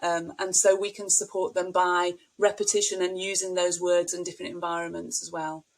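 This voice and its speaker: A woman's voice: fairly low pitch, flat delivery, brisk, low-quality recording. Brief: middle-aged woman, speech therapist guest, explains patiently with examples. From United Kingdom. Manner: warm explanatory, models child talk with anecdotes. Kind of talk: podcast interview.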